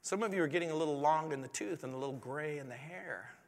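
A man's voice: on the high side, fast talker. A man preaching a sermon as a pastor, earnest and pleading, with many rhetorical questions. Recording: long hall reverb.

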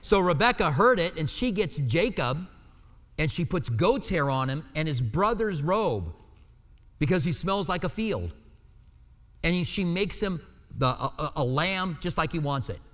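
A man's voice: fairly high pitch, expressive, unhurried, a bit bright. A man preaching an earnest sermon, restarting phrases and rising in emphasis as he explains scripture. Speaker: pastor. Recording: long reverb of a hall.

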